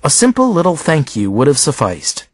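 A man's voice: huge pitch swings, normal speed, no room sound. A man reading a novel aloud as scripted audiobook narration, acting out the characters' lines. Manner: acts out each character's lines with raised pitch.

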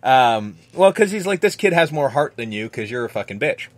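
A man hosting a podcast, casually recapping a movie with lots of swearing and quick acted-out lines. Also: mid-range voice, very animated, no echo. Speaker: podcast host.

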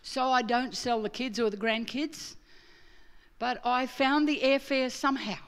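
High-voiced Australian woman preaching. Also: a little slow, smooth. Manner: animated storytelling, acts out her own quoted lines. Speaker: guest preacher. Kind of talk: storytelling sermon.

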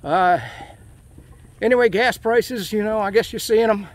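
A middle-aged man records a casual vlog while walking through a park, hot and sweaty. His voice sits high and moves a little slowly, and he rants emotionally in rambling bursts packed with fillers.

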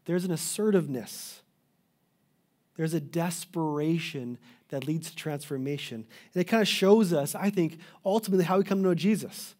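Speaking at a moderate pace, this middle-aged pastor from Canada preaches with heartfelt, pleading emphasis. Now and then he restarts an interrupted phrase, and his voice, though a bit high, comes across mellow and warm.

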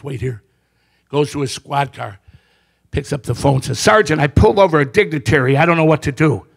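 A man's voice: high voice, creaky, a bit bright. A man performing stand-up comedy and magic on stage, telling jokes with punchy timing and brief character voices.

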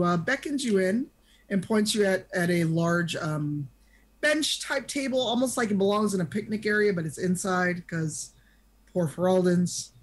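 A woman narrating an online tabletop game as game master, chatty and halting with lots of fillers. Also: mid-range voice. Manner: chatty, hesitant with many fillers.

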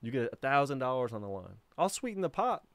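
A man hosting a casual call-in livestream, talking in a relaxed, rambling way and laughing easily. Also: mid-range voice, fast talker, dry recording. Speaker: livestream host.

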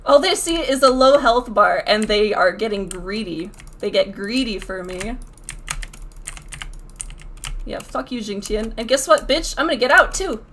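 A woman's voice: a little high, unhurried, fairly bright tone, a little hiss or hum. A young woman streaming a video game, swearing and trash-talking as she plays. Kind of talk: live gameplay commentary.

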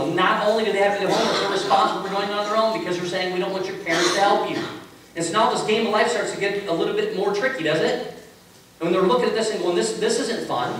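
A man preaching a sermon as a pastor, telling stories in a relaxed, conversational way with self-mocking humor. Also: high-pitched. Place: large echoey church sanctuary. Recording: echoey hall from far off with faint hiss.

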